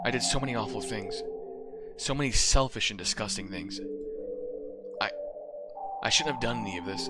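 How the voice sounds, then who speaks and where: Lovesick teenage club president, read by a man in a low voice over loud music. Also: natural voice. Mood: remorseful. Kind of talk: reading game dialogue aloud.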